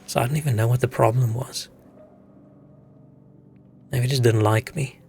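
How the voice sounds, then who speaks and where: This young man's medium-pitched voice carries vocal fry and a slightly mellow quality, with fairly even intonation at a normal speed. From South Africa, he streams a game while casually rambling through stories and swearing.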